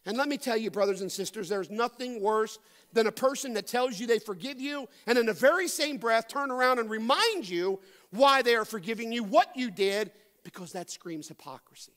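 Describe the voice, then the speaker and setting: An American man preaching a sermon as pastor in a church, rising to emphatic peaks and then dropping to a quiet, low hush. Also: moderate pace. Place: church sanctuary.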